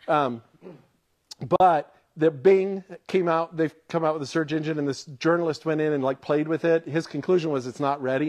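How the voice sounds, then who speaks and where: Animated male preacher, fairly high voice. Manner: animated storyteller, acts out quotes in a rising voice. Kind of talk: sermon.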